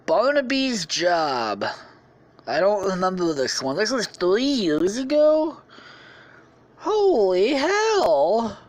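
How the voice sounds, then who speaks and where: A woman's voice: medium pitch, very animated, slow pace. A woman hosting a podcast, telling a rambling story in a casual, profane way with lots of swearing. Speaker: podcast host.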